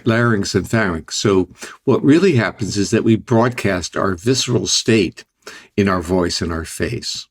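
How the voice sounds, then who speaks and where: An older man, a scientist guest, explaining ideas in a deliberate, conversational way. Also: lowish voice. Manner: deliberate, explanatory, restarts phrases.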